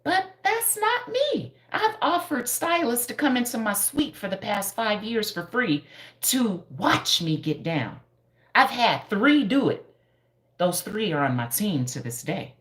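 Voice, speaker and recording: A hairstylist from Denver chatting playfully on a live stream, laughing often and answering viewers' comments. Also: female voice, mid-range voice, big pitch swings, unhurried, fairly bright tone. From Denver, Colorado. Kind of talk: casual live-stream chat. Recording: echoey room.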